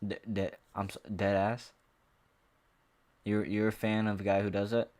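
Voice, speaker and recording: A man's voice: lowish voice, little pitch movement, moderate pace, a little mellow. A man ranting to camera in a casual sports vlog, heated and profane, rambling with frequent restarts. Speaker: MMA commentary vlogger.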